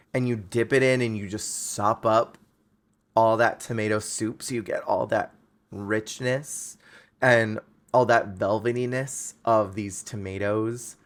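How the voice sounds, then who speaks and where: A man hosting a podcast, chatting casually and ranting playfully in an animated way. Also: on the low side. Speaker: podcast host. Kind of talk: casual chat.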